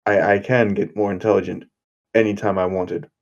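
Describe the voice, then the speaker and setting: A man's voice: on the low side, little pitch movement, moderate pace, highs cut off, lightly acted. A man doing a cocky young hero tossing slang. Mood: teasing. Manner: joking, dropping mock British slang. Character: cocky young male hero teasing his partner.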